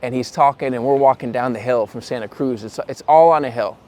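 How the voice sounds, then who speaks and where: A man's voice: mid-range voice, brisk, darkish tone. A young man vlogging to camera, telling a casual, rambling story and correcting himself as he goes. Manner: chatty, rambling, self-correcting; puts on voices when quoting people.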